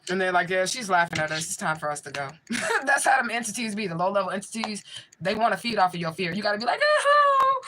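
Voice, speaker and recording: A woman's voice: fairly low pitch, a bit bright, slight background noise, poor audio. A woman working as a spiritual medium, hosting a casual livestream and answering viewers' chat in a blunt, profane way.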